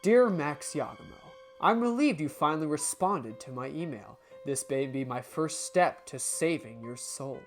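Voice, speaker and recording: A woman voicing a pretentious, ominous male shaman in a story game, speaking slow and solemn. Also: low voice, animated, soft background music.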